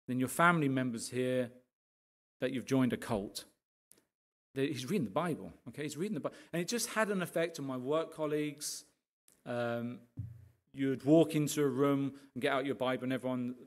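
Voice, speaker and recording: A man, a pastor, telling his testimony to a congregation as a lively storyteller who keeps checking in with his listeners. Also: medium pitch.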